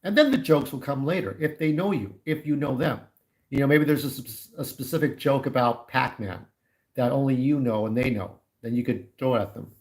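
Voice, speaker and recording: A man's voice: medium pitch, fairly quick, darkish tone, low-quality recording. A man in his forties chatting casually on a livestream, candid and opinionated, talking straight to his viewers. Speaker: YouTube livestreamer.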